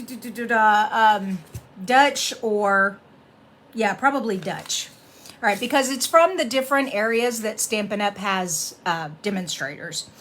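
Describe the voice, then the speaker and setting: A middle-aged woman hosting a casual card-making tutorial, chatting warmly and laughing as she reads sayings aloud. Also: fairly high pitch.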